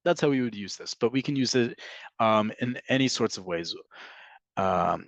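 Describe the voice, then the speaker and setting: A man's voice: lowish voice, animated, moderate pace, no echo, muffled recording. A man teaching a live online class, explaining terms with frequent ums and checking in with "right?". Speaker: Hebrew teacher. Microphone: video call.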